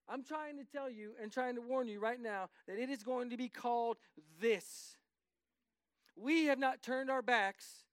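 A male pastor preaching a sermon, driving his points home in rising emphatic bursts and turning aside to speak to the congregation. His voice sits high and rings smooth and clear. The recording is close and dry, with no room echo.

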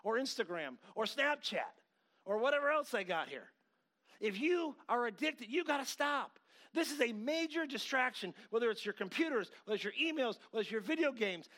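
A middle-aged man preaching a sermon, animated, swinging between loud outbursts and quiet asides, often acting out quoted voices. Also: extremely high pitch, normal speed. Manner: acts out quoted voices mid-story.

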